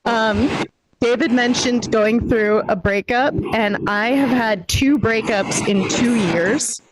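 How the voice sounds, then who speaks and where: Speaking slowly in a higher voice, a female comedian tells punchy, self-deprecating stories in a stand-up set via video call, handheld mic in hand, at home in a warm city during the day. Background noise can be heard.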